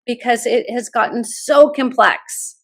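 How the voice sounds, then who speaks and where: A middle-aged woman with a somewhat high voice speaks as a podcast guest. She tells her stories in an animated, enthusiastic way. She sounds like a college admissions consultant sharing advice. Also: unhurried. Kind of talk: podcast interview, personal storytelling.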